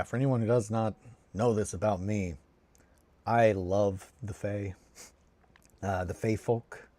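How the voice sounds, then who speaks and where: A man's voice: fairly low pitch, darkish tone, dry recording. A man chatting casually while building models on a hobby stream, rambling, swearing freely and cutting himself off mid-sentence. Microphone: close desk mic.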